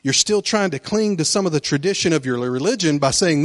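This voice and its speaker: A man's voice: on the high side, animated, brisk. A man teaching from the Bible in a casual, enthusiastic way, with frequent fillers and restarts. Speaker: preacher.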